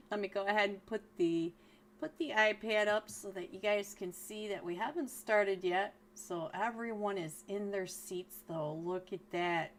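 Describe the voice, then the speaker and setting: A woman, a little hoarse, casting a live esports match in a chatty, playful way, laughing often and talking straight to her chat. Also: mid-range voice, a bit bright. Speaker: esports caster and streamer. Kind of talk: live game commentary.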